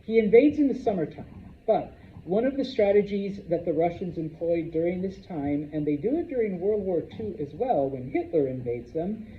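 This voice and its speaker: A man's voice: high-pitched, expressive, moderate pace, distant mic. A male history teacher gives a casual classroom lecture and keeps checking in with his students. He is recorded from across an echoey classroom. The sound is dull, with faint room noise behind him. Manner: chatty, checks in with frequent "okay?".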